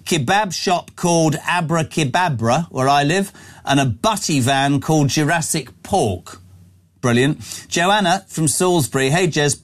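A man's voice: a little high, measured pace. A man hosting a phone-in radio show, reading out listener messages in a blunt, emphatic, matey way. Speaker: radio talk show host.

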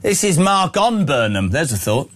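A man's voice: fairly high pitch, very animated, moderate pace, fairly bright tone, a little hiss or hum. A man hosting a phone-in radio show, reading out listener messages in a blunt, emphatic, matey way. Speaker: radio talk show host.

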